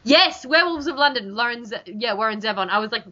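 A woman's voice: fairly high pitch, animated, quick pace, bright, forceful tone. Chatty Australian woman on a lo-fi mic. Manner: chatty, many restarts and fillers. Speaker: podcast co-host. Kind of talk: casual chat. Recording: dull lo-fi recording.

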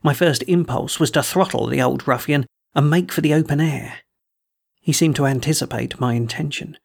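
A man narrating a first-person adventure story as an audiobook, in a measured storytelling manner. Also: fairly high pitch, gravelly.

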